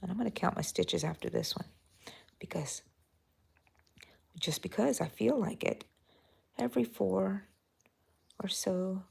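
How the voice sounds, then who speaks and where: A middle-aged woman hosting a live crochet tutorial, talking softly and mellowly, sometimes drifting into a whisper as she works. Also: mid-range voice, unhurried, creaky, long pauses, breathy edge. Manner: soft, mellow, drifting into whispers while counting stitches. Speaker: crochet channel host.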